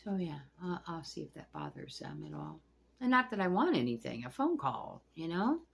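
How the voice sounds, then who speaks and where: Middle-aged woman, husky and gravelly, blunt and profane, casual vlog venting at home. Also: lowish voice, big pitch swings, moderate pace. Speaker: vlogger. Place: at home among pet turtles.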